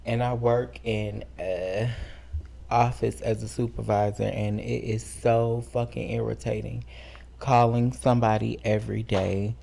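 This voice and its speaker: A man co-hosting a podcast, chatting casually and telling animated stories. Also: fairly low pitch, unhurried, vocal fry. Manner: animated storyteller, drops into quoted voices. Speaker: podcast co-host.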